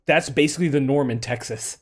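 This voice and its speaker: A man's voice: mid-range voice, a little fast. A man from the Northeast, chatting casually while playing a game and muttering to himself. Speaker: let's play host.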